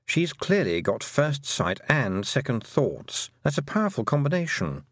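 A slow, sarcastic talking toad, as a male reader plays it, drawling each line with dry wit and lively pitch. The voice sits close to the mic in a dead, dry space. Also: dry recording. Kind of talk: audiobook character voice.

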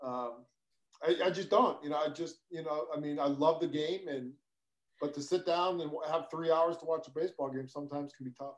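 A man's voice: on the high side, a little fast, poor audio. A man as a guest on a casual video call, easygoing and hesitant with many fillers. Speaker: guest, former ballplayer. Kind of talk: casual interview chat.

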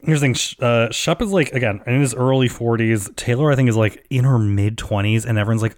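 A man's voice: mid-range voice, fairly quick, hardly any pauses, dry recording, clean studio sound. A man hosting a podcast, recapping a reality show in casual chat, gossipy and swearing, acting out quotes with lots of fillers. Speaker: podcast host.

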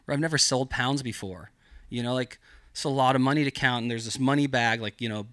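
A man's voice: mid-range voice, a little fast, a bit bright, no echo, studio quality. A man guesting on a podcast, telling a story in casual style with heavy swearing and lots of rambling filler. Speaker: podcast guest, cannabis grower.

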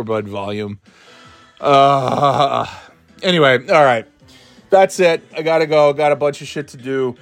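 A man's voice: medium pitch, creaky. A man hosting a casual solo podcast from home, rambling and offhand, sighing and trailing off between thoughts. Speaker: podcast host.

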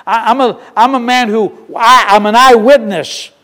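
A man's voice: extremely high pitch, steady tone, normal speed, fairly bright tone. A male pastor preaching a sermon in a church, fervent and emphatic, often repeating and restarting his phrases. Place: church sanctuary. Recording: long reverb of a large hall.

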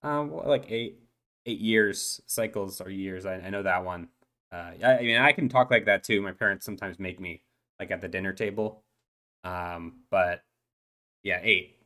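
A man's voice: sits low, moderate pace, pushed and bright. A man voicing an eight-year-old uplifted dolphin boy in a tabletop role-play, talking hesitantly with lots of stammers and restarts. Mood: hesitant, nervous. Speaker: player.

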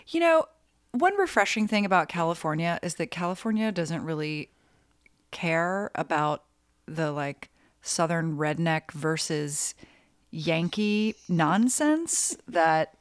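A woman in her forties from North Carolina talks casually as an interview guest, her voice low and close with no room sound. She rambles and corrects herself, laughing easily. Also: expressive, slow pace, no room sound. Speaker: guest writer.

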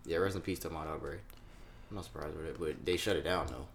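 A young man co-hosting a casual podcast, reacting to news stories loudly, swearing and laughing often. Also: extremely low pitch, fast, a little hiss or hum. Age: young adult. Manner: loud, profane, laughs often. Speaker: podcast co-host.

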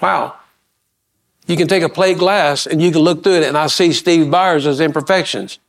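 A middle-aged pastor preaches with a fairly high, lifting voice. He pushes his points with rising emphasis and quick questions to the pews. Folksy asides and repeated words run through his talk. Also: gravelly. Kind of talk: sermon.

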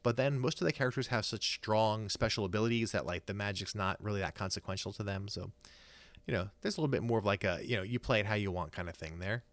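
Low, dry-voiced man chatting enthusiastically. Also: fast, no room sound. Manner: rambling, enthusiastic, many fillers and restarts. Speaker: podcast co-host. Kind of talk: casual podcast chat.

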